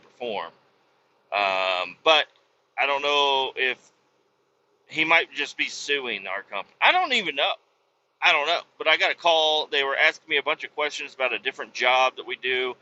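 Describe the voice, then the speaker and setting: A swearing, self-mocking Midwestern man rambles through a story from behind the wheel of his truck. His voice is sharply bright and sits at a middle pitch, and the recording sounds dull and lo-fi. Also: slight background noise. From Kansas City, USA. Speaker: truck driver vlogger. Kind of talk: casual storytelling monologue while driving. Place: in a truck cab while driving.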